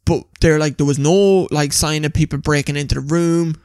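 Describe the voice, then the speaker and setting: Young Irish podcast host, animated storyteller with a fairly high, gravelly voice; dry close mic. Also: male voice, normal speed, dry recording. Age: young adult. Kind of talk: casual storytelling chat.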